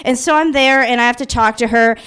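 A young woman with a slightly high voice tells a story from her own life. She talks in a loose, animated way, stuffing her sentences with fillers. Her tone is anxious and self-mocking. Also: brisk, clear, resonant tone. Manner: animated, filler-heavy retelling with many "like"s. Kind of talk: personal storytelling.

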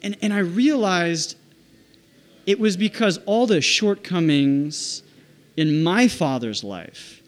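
A man recounting a personal story in a slightly high voice. He talks in a halting, thoughtful way, starting over often and peppering his sentences with "like." His telling stays casual and searching. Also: lively intonation. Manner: halting, reflective, full of "like" and restarts.

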